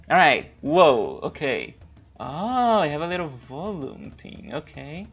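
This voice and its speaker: A man's voice: on the high side, very animated, measured pace, gravelly, a bit bright, breathy edge, lo-fi sound, soft background music. A man streaming a video game, chatting casually, rambling and swearing loosely while he plays. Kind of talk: casual livestream gameplay chat.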